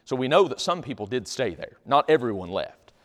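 A male pastor preaching in a folksy, conversational tone. His voice swings widely in pitch. The long reverb of a big church hall trails every line. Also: very animated, a little fast. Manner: folksy, conversational, acts out little scenes. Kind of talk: sermon.

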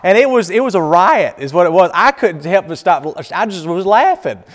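A man, a missionary preacher, telling stories casually to a congregation, animated and laughing often with many restarts. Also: high-pitched, brisk, hardly any pauses, long reverb tail.

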